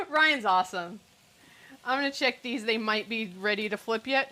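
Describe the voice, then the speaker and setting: Woman doing a live cooking stream at home, bright tense voice, jokey and sarcastic. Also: on the high side, normal speed, poor audio. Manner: chatty, joking, sarcastic asides. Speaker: cooking livestream host. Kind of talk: casual live cooking chat. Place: home kitchen.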